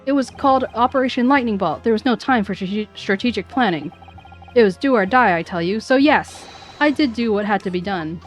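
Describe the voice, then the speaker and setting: A woman's voice: medium pitch, animated, a little fast, soft background music, natural voice. A woman putting on a pompous blustering army sergeant.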